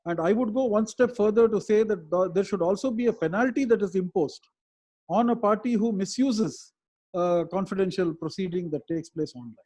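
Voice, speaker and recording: A man advocating on a webinar responds to questions through a video call, explaining thoughtfully with hesitant pauses. His voice is high and mellow.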